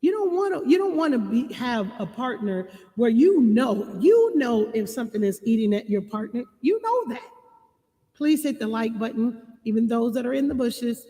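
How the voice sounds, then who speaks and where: A woman giving relationship advice to her viewers, reading passages and repeating key lines slowly for emphasis. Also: a little high, lively intonation, mellow, big-room sound. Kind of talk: reading and commenting on a marriage book.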